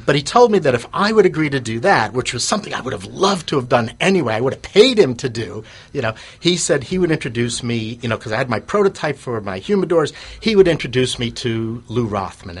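A man's voice: medium pitch, animated, brisk, few pauses, husky. A man telling an anecdote in an interview, rambling with restarts and fillers and chuckling at himself. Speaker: guest telling his business story.

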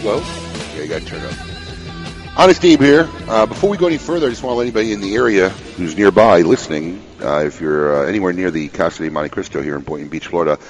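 A man hosting a casual radio talk show, chatting, laughing and jumping in with quick questions. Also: low voice, faint music behind. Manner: animated, laughing, interrupting.

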